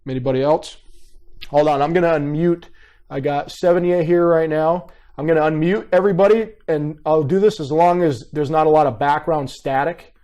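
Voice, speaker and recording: A man in his thirties teaching a live online class through a computer mic, his voice pitched a little above the usual for a man. He talks casually and directly and keeps checking in with his students. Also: moderate pace, warm tone. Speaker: behavior profiling instructor.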